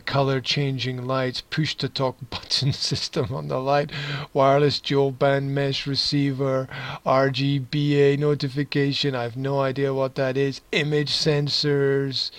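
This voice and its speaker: A man's voice: medium pitch, dry recording, low-quality recording. A man teaching English, reading a news text aloud and adding sarcastic, chuckling asides.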